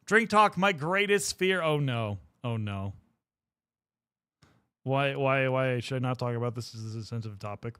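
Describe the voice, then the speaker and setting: A man's voice: medium pitch, animated, moderate pace, sharp tone, clear, resonant tone, no room sound. A young man chatting casually on a livestream while painting miniatures, rambling and swearing freely as he talks to his viewers. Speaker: streamer.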